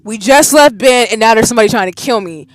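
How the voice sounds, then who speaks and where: A woman hosting a gaming channel, reacting loudly to a visual novel and repeating words in rapid bursts. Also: a little high, no room sound. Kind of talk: reacting aloud while playing a visual novel.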